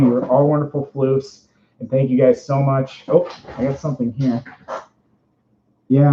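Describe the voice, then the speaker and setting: A man in his twenties with a Minnesota accent, hosting a casual livestream interview. He talks from inside a costume suit, rambling, bubbly and quick to laugh. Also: mid-range voice, dark tone, slight background noise. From Minnesota, USA. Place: indoors, speaking from inside a fursuit. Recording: roomy, dull lo-fi stream audio.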